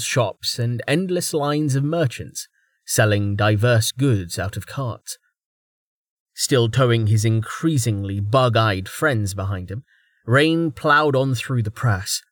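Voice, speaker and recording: A male audiobook narrator reads a fantasy novel in a steady, measured storytelling style. His voice is mid-range, and the recording is studio-quality with no echo.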